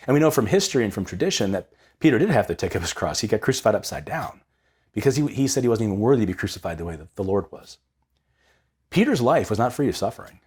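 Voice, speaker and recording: A man's voice: lowish voice, quick pace, breathy edge. A young man hosting a casual reflection on the Sunday readings. He talks with energy and often repeats words as he gets going. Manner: energetic, conversational, repeats words when excited.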